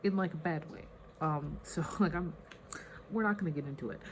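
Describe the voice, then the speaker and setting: A woman's voice: low-pitched, moderate pace, slight background noise. A young woman, a teacher, chatting in a casual reading vlog at home, rambling with fillers. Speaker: teacher and book vlogger.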